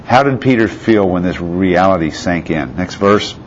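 Deep-voiced man preaching a sermon. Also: lively intonation, moderate pace. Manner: asks the listeners rhetorical questions; reads out scripture passages. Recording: slightly muffled with faint background hiss.

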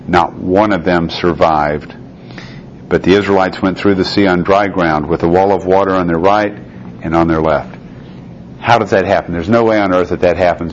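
A man teaching a Bible study, reading scripture aloud and then explaining it in a conversational way. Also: sits low. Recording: dull lo-fi recording with faint noise.

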